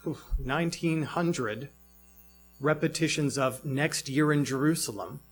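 A man's voice: a little high, unhurried, soft background music. A man preaching a sermon in a reflective way, asking many rhetorical questions.

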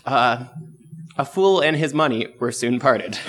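A man's voice: mid-range voice, fairly bright tone. Chatty self-mocking male preacher. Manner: conversational, self-deprecating, laughs at himself. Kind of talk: casual sermon with personal story.

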